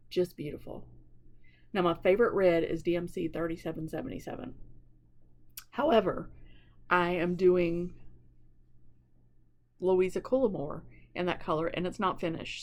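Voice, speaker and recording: A woman, chatting casually to camera about her stitching projects and gushing over patterns. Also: lowish voice. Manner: chatty and gushing, repeats words for emphasis. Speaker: cross-stitch vlogger.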